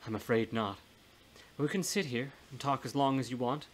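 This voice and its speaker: A man's voice: medium pitch, normal speed, lightly acted. A man voicing a blunt, folksy older woman's ghost in a storybook reading, with a plain-spoken, scolding manner. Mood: warm.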